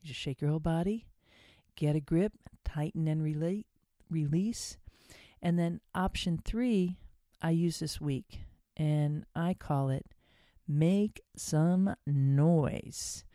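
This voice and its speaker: Woman podcast host, middle-aged, casual wellness chat, warm low tone, dry room. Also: unhurried, dry recording. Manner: chatty, guiding relaxation exercises.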